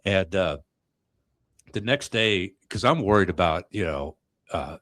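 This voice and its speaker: A middle-aged man hosting a podcast, talking in a reflective, halting way with many restarts. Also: low-pitched, lively intonation, fairly bright tone, dry recording, clean studio sound. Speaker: podcast host. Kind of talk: casual chat.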